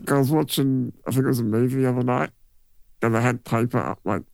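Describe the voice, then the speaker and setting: A man's voice: medium pitch, steady tone, brisk, vocal fry, darkish tone, no room sound. A laid-back man, co-hosting a casual movie chat and laughing often. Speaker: podcast co-host.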